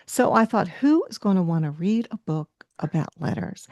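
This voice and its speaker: A woman's voice: lowish voice, expressive, moderate pace, darkish tone, no room sound, studio quality. A woman hosting a podcast interview, talking in an effusive, encouraging way and sharing a personal story. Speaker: podcast host.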